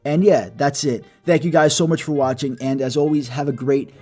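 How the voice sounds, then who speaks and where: A young man narrating a comedic story in a profane, animated, self-mocking way. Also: medium pitch, brisk. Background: soft background music.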